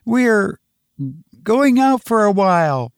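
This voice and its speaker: A man's voice: high voice, animated, measured pace, a little mellow, no room sound, voice pushed up. A man putting on a frightened, bewildered housewife for a storybook reading, her voice lifted well above his own and swinging through anxious, rising questions. It sits close and dry. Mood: wavering. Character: frightened middle-aged housewife.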